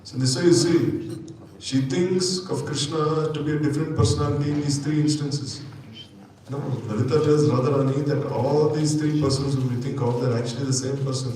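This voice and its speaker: A man's voice: fairly high pitch, steady tone, fairly quick, mellow. A man giving a scripture lecture as a spiritual teacher, explaining at length and tossing in tag questions. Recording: echoey hall from far off, faint noise.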